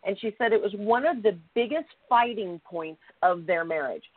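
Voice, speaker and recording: A woman co-hosting a talk show, telling a story in a casual, animated way and acting out the people in it. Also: mid-range voice, normal speed, no room sound. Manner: animated, acts out quoted voices. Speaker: co-host. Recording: tinny phone-like line.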